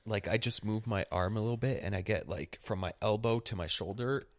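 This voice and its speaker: A young Canadian man co-hosting a podcast, relaxed and a bit hesitant in casual chat. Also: on the low side, brisk, no room sound. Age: young adult. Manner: relaxed, hesitant, many fillers. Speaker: podcast co-host.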